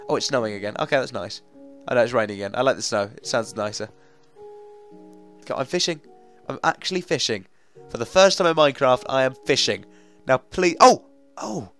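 Young guy talking through a game, mid pitch, coaxing and grumbling at it, faint music behind. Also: a little fast, pauses often. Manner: chatty, coaxing, easily frustrated, bursts of excitement. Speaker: gaming commentator. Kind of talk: let's play commentary.

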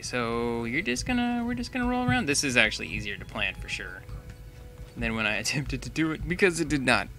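A man's voice: medium pitch, creaky, bright, forceful tone. A young man giving casual, chatty commentary while playing a building game, thinking aloud and laughing often. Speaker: gaming channel host.

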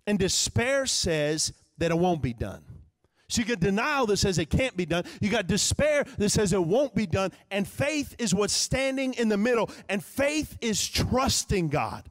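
Texas-accented pastor, man, high voice, dry close sound; loud preaching mixed with quiet, chatty asides. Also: big pitch swings, moderate pace, no room sound. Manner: conversational, humorous, with many fillers. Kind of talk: live sermon. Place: church sanctuary.

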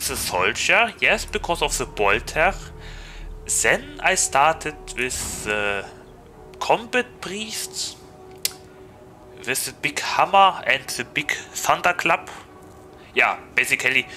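A male game streamer with a German accent talks to his viewers in a loose, joking way. His voice sits a bit high and sounds very bright, and his pitch jumps around a lot. Faint music plays underneath. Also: sing-song, slow pace, low-quality recording. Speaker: VTuber streamer. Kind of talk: gaming livestream chat.

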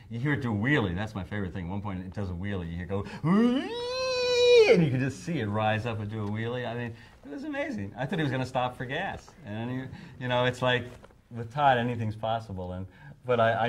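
A man in an interview telling studio anecdotes with animated storytelling, full of ums and restarts. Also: on the low side. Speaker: interviewee, record producer.

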